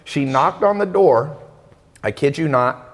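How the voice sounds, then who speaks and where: A man hosting an interview, telling a story in a casual, animated way. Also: a little high, unhurried. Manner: animated, acts out quoted voices. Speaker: interview host. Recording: long hall reverb.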